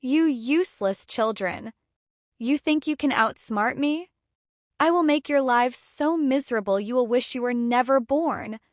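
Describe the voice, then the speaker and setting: A woman's voice: high voice, measured pace, no room sound, studio quality. A woman voicing a cruel, scheming stepmother. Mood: harsh. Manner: harsh and threatening, turns falsely sweet.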